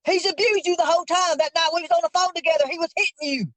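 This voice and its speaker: A man's voice: very high-pitched, steady tone, racing, fairly bright tone, no room sound, poor audio. A man in a heated confrontation, insistent and preachy, repeating his questions over and over.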